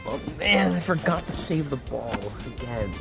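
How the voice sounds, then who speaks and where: A man putting on a dopey, stammering goalie who yelps when things go wrong. The voice is high and swoops widely. Loud game music fills the background. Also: lively intonation, normal speed, vocal fry. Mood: flustered. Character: bumbling male goalie and nerdy sports reporter.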